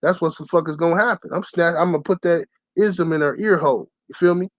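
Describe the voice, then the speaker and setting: Young guy ranting to his channel, loud and cussing, higher voice, dry close sound. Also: quick pace, dry recording. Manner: loud, profane and heated, often shouts in quoted lines. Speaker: channel host. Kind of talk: profane storytelling rant to camera.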